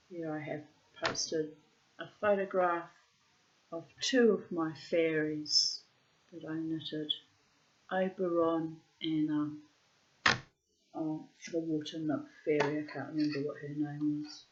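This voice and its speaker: A woman's voice: low voice, fairly even intonation, takes it slowly, muffled recording. A woman reading her old diary posts aloud and commenting on them bluntly, with frequent swearing.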